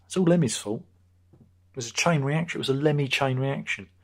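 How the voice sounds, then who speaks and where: A man's voice: medium pitch, a little fast. A man in his fifties hosting a casual live stream, rambling through viewer comments with crude jokes and lots of repetition. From Britain. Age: 50s. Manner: rambling, jokey, crude asides, many repetitions. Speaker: livestream host.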